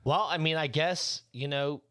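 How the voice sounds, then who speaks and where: A man's voice: fairly high pitch, moderate pace, a bit bright, dry recording. Laid-back, foul-mouthed male podcast co-host. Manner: laid-back, swears constantly, rambling. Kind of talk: casual podcast banter.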